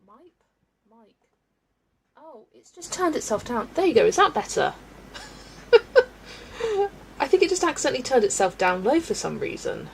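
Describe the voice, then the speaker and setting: Woman, live-stream host, casual chat while colouring, giggly, thinks aloud, raspy fry, webcam mic, faint noise. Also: sits high, big pitch swings, normal speed, long pauses, poor audio.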